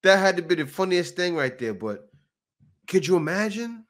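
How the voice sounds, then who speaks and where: A man hosting a reaction show, talking in a lively, swinging voice that sits a bit high. He comments casually on clips, asks rhetorical questions and laughs along. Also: moderate pace. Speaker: reaction channel host.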